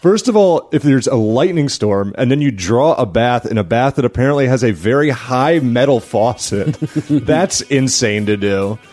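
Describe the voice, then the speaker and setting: Brief: mid-pitched male co-host, very expressive intonation, faint music behind. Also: moderate pace. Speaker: podcast co-host. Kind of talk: casual chat.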